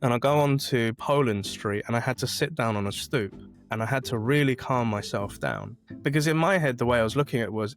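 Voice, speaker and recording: A man, a podcast guest telling a personal story in a casual way and acting out the voices of other people. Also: mid-range voice. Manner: animated, acts out quoted voices.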